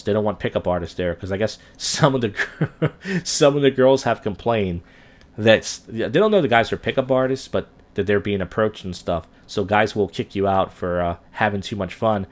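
A man's voice: on the low side, fairly quick. A young man hosting a solo podcast, rambling through a long story and acting out the people he quotes. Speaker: podcast host.

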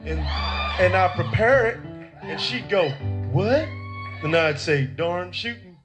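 A man's voice: high-pitched, sing-song, slow, exaggerated voice. Folksy good old boy, rambling and goofy, music playing. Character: simple country good old boy who wrestles things. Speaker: game show dealer character.

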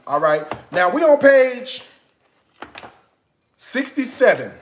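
A man hosting a live-stream cooking show, excitable and playful, swinging from hushed asides to loud bursts. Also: on the high side, takes it slowly, pauses often, background noise. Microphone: live-stream setup.

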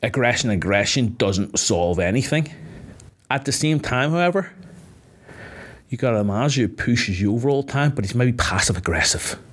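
A man's voice: mid-range voice, expressive, moderate pace. A man, an MMA fighter, chatting casually on a podcast, swearing freely and filling his speech with "like" as he explains.

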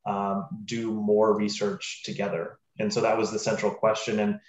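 A man speaking as a panelist in a webinar, measured and unhurried, with frequent fillers. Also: lowish voice, level tone. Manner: measured, with many fillers and restarts. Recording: roomy, muffled video call audio.

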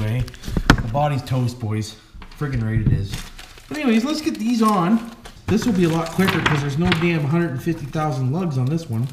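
A Canadian man hosting his hobby channel, talking casually and joking as he works on a toy truck. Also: medium pitch. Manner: folksy and joking, keeps saying "boys" and "why wouldn't we". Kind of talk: casual vlog narrating while working on an RC truck. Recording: echoey room with background noise.

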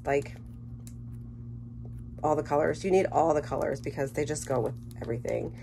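A woman chatting casually through an unboxing, gushing with enthusiasm and dropping into soft murmured asides. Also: deep voice, slight background noise. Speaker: scrapbooking vlogger.

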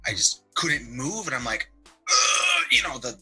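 A man's voice: medium pitch, sing-song, moderate pace, pushed and bright, breathy edge, soft background music, low-quality recording. A young man, a guest on a call-in show, chatting loosely over a video call, with lots of "like" and mild swearing. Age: young adult. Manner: loose, laid-back, peppered with "like" and mild swearing. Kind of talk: casual chat.

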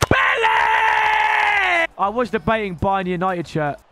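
A young man with a British accent giving excitable, shouty live commentary on his football game as a streamer, bantering with chat. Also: sits high, moderate pace, a little hiss or hum. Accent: British English. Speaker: gaming streamer.

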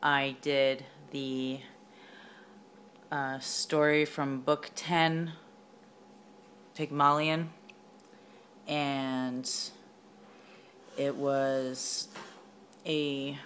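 A young student giving a casual retelling of a story for a class assignment, hesitant and slangy with lots of fillers. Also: female voice, very deep voice, flat delivery, very slow, long pauses, a bit bright, a little hiss or hum. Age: young adult.

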